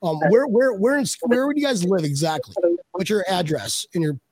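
A man's voice: high voice, sing-song, moderate pace, darkish tone, husky. A man hosting a casual chat, rambling and joking, often repeating his words. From Buffalo, USA. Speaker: podcast host.

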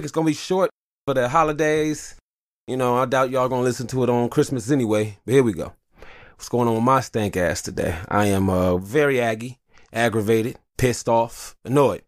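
A man's voice: medium pitch, dry recording, studio quality. A man in his thirties hosting a podcast, ranting casually and profanely about fatherhood. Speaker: podcast host.

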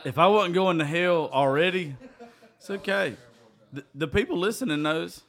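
A man's voice: a little high, moderate pace, fairly bright tone. A tipsy man co-hosting a podcast, cracking irreverent jokes in casual banter. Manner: joking, irreverent. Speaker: podcast co-host.

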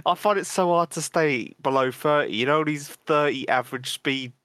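A man co-hosting a podcast, talking excitably in casual chat and swearing casually. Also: a little high, moderate pace, dry recording, studio quality. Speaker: podcast co-host.

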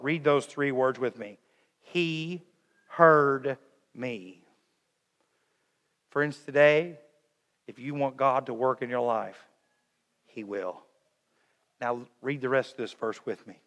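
A middle-aged man preaching a sermon, swinging between loud urging and hushed, tender lines. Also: mid-range voice, measured pace, long pauses. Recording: long hall reverb.

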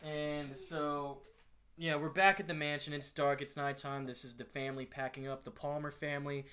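A man's voice: fairly high pitch, little pitch movement, moderate pace, bright, forceful tone. A young man co-hosting a casual recap podcast, laid-back and saying "dude" often. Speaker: podcast co-host.

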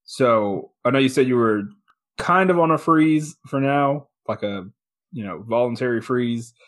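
A man co-hosting a podcast in casual chat, agreeable and quick with asides. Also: mid-range voice. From Kansas. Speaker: podcast co-host.

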